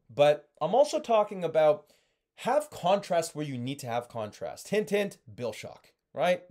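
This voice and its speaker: A man's voice: fairly high pitch, darkish tone. Emphatic male sales coach. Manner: emphatic coaching, checks in with "okay?" and "right?". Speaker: sales trainer. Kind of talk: sales training talk.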